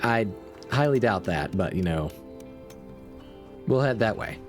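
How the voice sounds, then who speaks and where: Drowsy, lively-voiced game streamer. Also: mid-range voice, measured pace, soft background music. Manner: drowsy and chatty, with a wry edge. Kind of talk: casual gameplay commentary.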